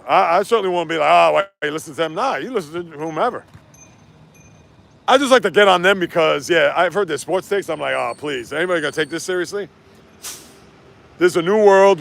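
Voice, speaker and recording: Animated gravelly man ranting on a stream. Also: high-pitched. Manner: animated, rants and reads chat comments. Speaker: sports livestream host. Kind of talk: casual livestream chat while walking.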